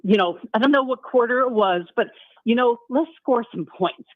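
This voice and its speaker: A woman's voice: a little high, normal speed, dry recording. Older lady calling the radio show, fired up and exasperated, tinny phone sound. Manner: exasperated, animated venting. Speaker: caller. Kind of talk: call-in radio.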